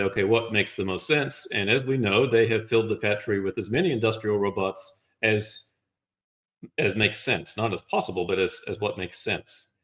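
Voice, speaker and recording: A man walking through slides in a relaxed conversation, explaining step by step with a wry touch. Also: on the low side, lo-fi sound. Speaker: guest presenting slides.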